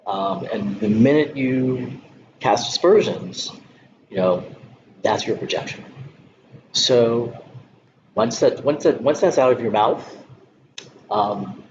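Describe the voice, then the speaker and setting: A man giving a Zen dharma talk, speaking in a halting way with many pauses and soft laughs. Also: medium pitch, lively intonation. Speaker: Zen teacher. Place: meditation hall. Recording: dull lo-fi recording with background noise.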